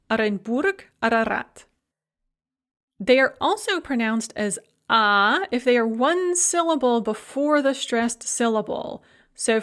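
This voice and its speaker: A woman giving a recorded language lecture, explaining rules step by step and modeling each example word aloud. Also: a little high. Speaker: language instructor.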